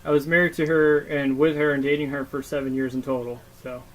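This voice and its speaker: A man's voice: a little high, level tone, brisk, rough recording. Profane storytelling young man. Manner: profane, storytelling with lots of fillers. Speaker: podcast co-host. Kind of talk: casual chat.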